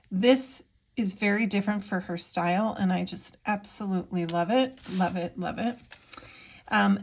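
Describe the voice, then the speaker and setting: A woman in her thirties talks casually about her art, bubbly and gushing, full of little fillers. Her voice sits at an ordinary middle pitch. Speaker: artist vlogger showing her work. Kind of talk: casual chat while showing items.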